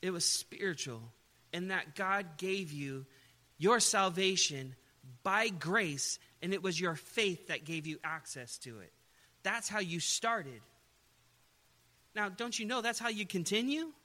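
A man's voice: high-pitched, lively intonation, measured pace, pushed and bright. A man preaching a sermon in an emphatic way, often putting rhetorical questions to his listeners.

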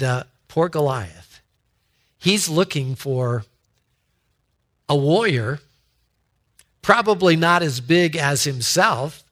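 A man preaching a sermon as a pastor, telling a story with asides and halting restarts. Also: sits high, bright, forceful tone.

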